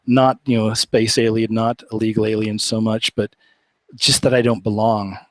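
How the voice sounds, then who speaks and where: A man's voice: lowish voice, flat delivery, normal speed, no room sound, poor audio. A man from Oklahoma, hosting a live show in a casual, rambling, earnest way and laughing often. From Oklahoma, USA. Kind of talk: casual live-stream chat.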